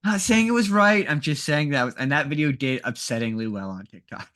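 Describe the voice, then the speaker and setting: A man with a fairly high, bright and expressive voice talks a little fast as a podcast co-host. His casual chat rambles, full of restarts and laughter.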